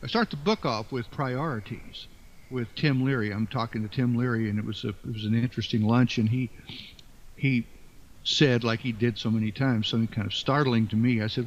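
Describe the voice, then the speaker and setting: An older man being interviewed as an author, speaking in a halting, thoughtful way with many fillers and restarts. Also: mid-range voice, steady tone. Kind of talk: reflective interview talk. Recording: dull lo-fi sound.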